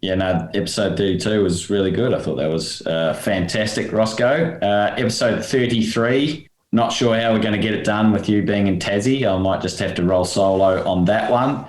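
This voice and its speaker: A deep-voiced man co-hosting a podcast, heard in a roomy, echoey space. He is jokey and rambling, and trips over the odd word. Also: normal speed, few pauses. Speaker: podcast co-host. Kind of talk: casual podcast chat. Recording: roomy echo.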